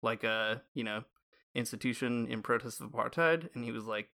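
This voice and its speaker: A man's voice: medium pitch, vocal fry, sharp tone. A man co-hosting a podcast in casual chat, tossing in wry quips. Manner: wry, quick quips and frequent laughter. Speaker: podcast co-host.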